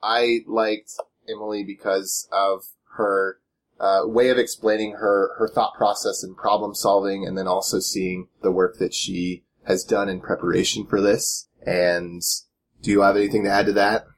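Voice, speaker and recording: Low-pitched male host, relaxed and chuckling, casual panel chat. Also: moderate pace. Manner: relaxed, chuckling, loose phrasing. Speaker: podcast host.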